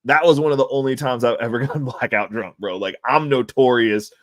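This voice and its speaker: A man spins long, profane stories in a loose, chatty way, breaking into laughter here and there. His voice sits in an ordinary middle pitch. The sound is close and dry, with no room around it. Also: fairly quick, dry recording. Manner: profane, laughing, animated storyteller. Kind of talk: casual storytelling chat.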